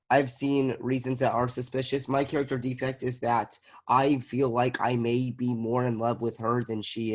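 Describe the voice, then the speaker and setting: A teenage boy from Southern California, an acting student, who answers slowly and hesitantly, thinking aloud over a video call. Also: medium pitch. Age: teens. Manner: hesitant, thinking aloud with many fillers and restarts.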